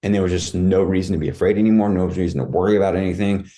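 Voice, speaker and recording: A man with a fairly low, warm, relaxed voice tells a personal story as a podcast guest. He speaks casually and vividly, acting out his own cries as he goes. His talk is full of "like" and "dude.". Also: very fast.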